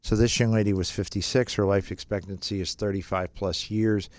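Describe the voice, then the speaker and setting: A middle-aged man on a radio call-in show, talking in a somewhat low voice that sits dry and close to the mic. He chats loosely and pokes fun at himself, then walks listeners through finance points and says the important ones twice. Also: fairly even intonation, fairly quick, darkish tone, dry recording. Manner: chatty, self-mocking, repeats key points. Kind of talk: casual radio talk on retirement finance.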